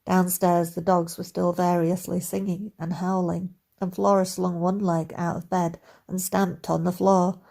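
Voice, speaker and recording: A woman narrating a romantic comedy audiobook in a wry, even storytelling manner. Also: lowish voice, a little slow, vocal fry, few pauses.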